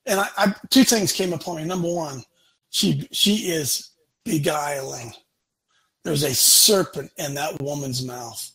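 A man's voice: a little high, measured pace, gravelly, fairly bright tone, breathy edge, poor audio. A man hosting a talk show, preaching in a blunt, emphatic way and repeating lines for punch. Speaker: show host.

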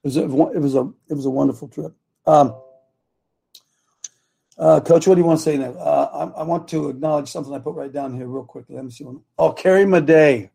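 A man's voice: fairly high pitch, brisk, creaky, dark tone, slightly rough. A man hosting a live talk show, rambling and losing his train of thought as he speaks.

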